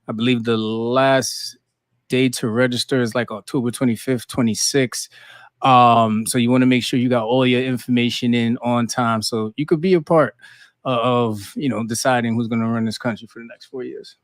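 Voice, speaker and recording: Chill guy cohosting a podcast, mid pitch, dry close sound, says you know a lot. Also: moderate pace, no room sound. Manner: relaxed, lots of fillers like "you know". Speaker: podcast co-host. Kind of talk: casual chat.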